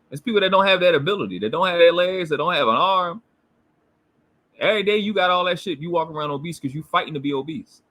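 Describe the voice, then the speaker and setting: A fairly high-pitched man talks back at a replayed livestream with a husky, strained tone. His delivery swoops up and down as he mocks and curses. He sounds like a combative host holding court on his own channel. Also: fairly bright tone. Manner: combative, mocking and profane. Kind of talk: reacting to a replayed livestream clip.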